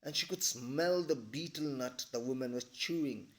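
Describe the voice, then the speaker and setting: A man with a mid-range voice reads a story aloud to a class at normal speed, explaining it as he goes. He's an English teacher who keeps checking in with "all right?"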